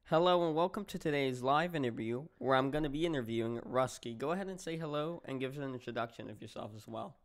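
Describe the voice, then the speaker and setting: A man's voice: medium pitch, quick pace, hardly any pauses. An American man hosting a live-streamed interview, casual and chatty. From United States. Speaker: host.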